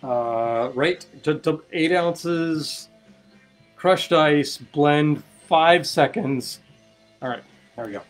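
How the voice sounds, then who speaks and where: A man's voice: fairly high pitch, extremely slow, over music. A man hosting a casual live stream, chatting and explaining while he mixes cocktails, with wry asides. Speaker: host mixing cocktails.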